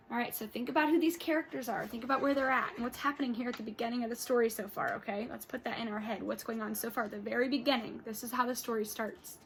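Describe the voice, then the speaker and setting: A woman's voice: on the high side, slightly rough. A woman teacher reading a story aloud to students and prompting them with encouraging questions. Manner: encouraging, pausing to prompt children.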